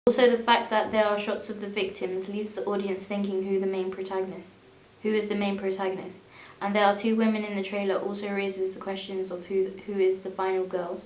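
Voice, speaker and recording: A young woman reading a school media evaluation aloud in a steady, even way. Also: mid-range voice, a little fast, few pauses, reverberant, slight background noise, poor audio. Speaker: student presenter.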